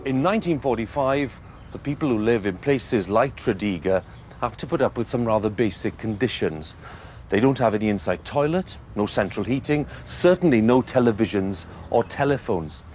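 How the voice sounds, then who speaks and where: A man's voice: medium pitch, lively intonation, normal speed, darkish tone, slight background noise. Male presenter talking on location outdoors. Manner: conversational, curious. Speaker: documentary presenter.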